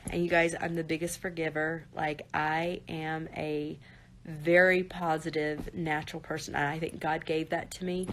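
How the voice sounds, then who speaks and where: A woman's voice: deep voice, slight background noise. A woman on a live stream, talking to viewers in an earnest, direct way and often saying "you guys" and "like". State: near tears at times.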